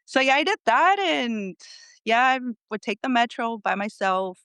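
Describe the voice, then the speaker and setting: A woman's voice: fairly high pitch, sing-song, a little slow, fairly bright tone, clean tone, no echo. A woman in her thirties, a podcast guest telling stories about her athletic career in a casual chatty way, laughing often and acting out what others said. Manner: chatty, laughs often, acts out quotes of family and coach. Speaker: podcast guest, former national team athlete. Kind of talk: casual storytelling interview.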